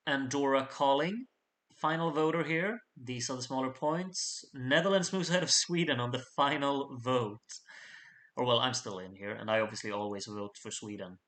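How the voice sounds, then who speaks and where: A man's voice: mid-range voice, fairly bright tone. Chatty man reading out contest votes. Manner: chatty, jokey asides to the audience. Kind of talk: casual live voting commentary.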